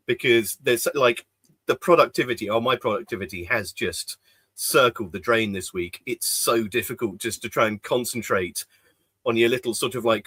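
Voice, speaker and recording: A podcast co-host chats casually into a desk mic in an office, rambling with many fillers and restarts. His medium-pitched voice sounds pushed and bright, and the recording is dry.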